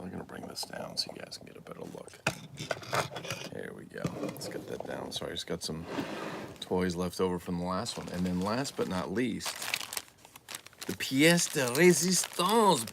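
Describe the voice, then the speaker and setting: A man's voice: low voice, vocal fry, heavy background noise. A man hosting a casual livestream, putting together a collectible mask while chatting and cracking crude jokes to his viewers. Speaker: toy collector livestream host. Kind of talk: casual unboxing livestream chat.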